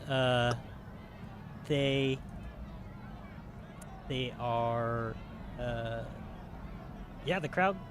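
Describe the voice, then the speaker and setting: A man narrating a tabletop game as game master, animated and quick to laugh. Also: mid-range voice, noisy background.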